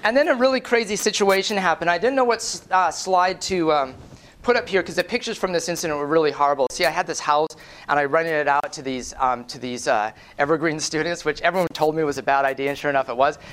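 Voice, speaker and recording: A man giving a lively storytelling presentation at a conference, animated and profane, often tagging lines with "right?". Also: a little high, fast. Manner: acts out quoted voices. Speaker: conference speaker.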